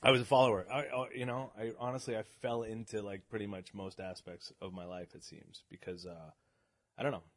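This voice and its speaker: A middle-aged man from the Boston area telling stories as a podcast guest, animated and often laughing. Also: fairly low pitch, a little fast, no echo. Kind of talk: casual podcast conversation.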